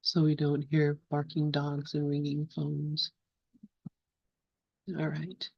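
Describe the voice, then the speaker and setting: A woman hosts an online gathering in a low voice and reads a poem very slowly, pausing between lines. The sound is dry and dull, typical of a video call. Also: monotone, gravelly, husky, no room sound. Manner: gentle, measured, pauses often. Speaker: group host. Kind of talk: slow poem reading and group chat.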